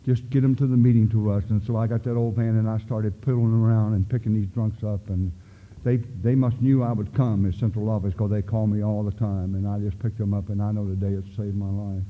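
A man's voice: lowish voice, level tone, fairly quick. An older man speaking at a recovery meeting, telling his story in a folksy, plain-spoken way. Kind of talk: personal testimony talk. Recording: tinny phone-like sound in an echoey hall.

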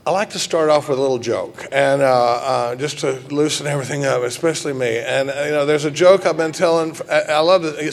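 A man's voice: on the high side, fairly even intonation, fairly quick, hardly any pauses. A middle-aged man from Texas, giving a folksy, joking talk to a recovery group with many halts and restarts. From Dallas, Texas. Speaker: recovery meeting speaker.

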